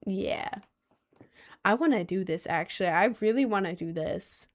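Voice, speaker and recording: A young woman from Maryland, United States streams live, chatting casually with her audience in a mid-range, medium-pitched voice at normal speed. She gushes excitedly while reading comments aloud, rambling with plenty of "like"s.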